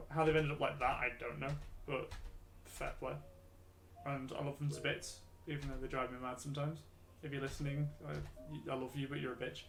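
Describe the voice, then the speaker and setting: Drawing on a stream, this man from Britain talks casually and laughs readily in a blend of Midlands and Scouse accents. His voice is mid-range and a bit bright, heard over a roomy echo and faint background music.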